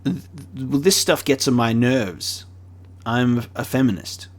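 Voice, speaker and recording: A man's voice: mid-range voice, a little slow. A man, joking and reading game dialogue aloud in a let's play. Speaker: gaming streamer.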